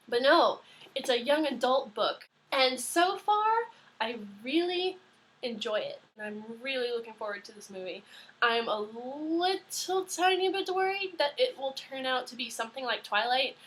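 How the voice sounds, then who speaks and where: A young woman in her early twenties chatting casually into a webcam, rambling and excitable with lots of fillers. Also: fairly high pitch, normal speed. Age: early 20s. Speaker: vlogger. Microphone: webcam mic.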